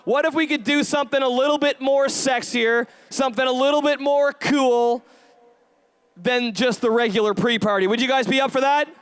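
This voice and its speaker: A man giving a high-energy stage pep talk, rallying the crowd with call-and-response questions and shouted bursts of hype. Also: steady tone, moderate pace, clean tone, no echo. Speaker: motivational event speaker.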